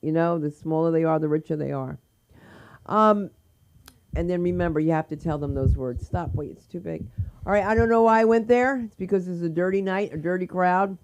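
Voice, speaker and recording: A woman's voice: fairly low pitch, brisk, darkish tone, clean tone. A woman hosting an open mic, telling a rambling, bawdy story before introducing the next comic. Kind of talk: stand-up banter.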